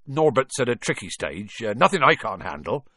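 A man doing a gruff, sobbing giant of a gamekeeper. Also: mid-range voice, big pitch swings, moderate pace, sharp tone, dry recording, studio quality, exaggerated voice. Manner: gruff, puffing, breaking into sobs. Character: huge soft-hearted male gamekeeper, tearful.

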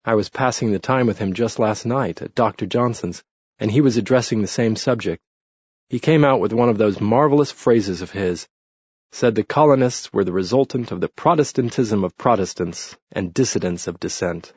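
A man's voice: lowish voice, moderate pace, a little mellow, breathy edge, dry recording. A man reading as a dry, sardonic redheaded Englishman. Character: bitter witty redheaded Englishman, dry and glum. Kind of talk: audiobook character reading. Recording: muffled lo-fi recording.

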